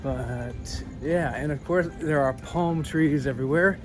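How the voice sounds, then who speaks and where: A man's voice: a little high, measured pace, over music. A man chatting casually as a travel vlogger, rambling and easily distracted, with dry joking asides. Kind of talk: casual vlog chat to camera.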